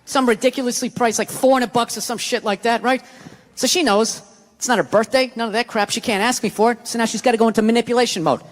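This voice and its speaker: A man's voice: extremely high pitch, steady tone, fast talker. A man doing a stand-up comedy routine, telling a story as a profane, ranting storyteller. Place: theater stage before a live audience. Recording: echoey hall with crowd laughter.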